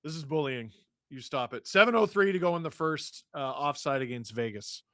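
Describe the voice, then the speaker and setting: A man hosting a live stream, reading viewer chat with jokes and shouting play-by-play when a goal goes in. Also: a little high, normal speed, dry recording, studio quality. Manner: joking, excitable, shouts on goals. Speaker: livestream host reading chat. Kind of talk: casual live watch-along chat and play-by-play.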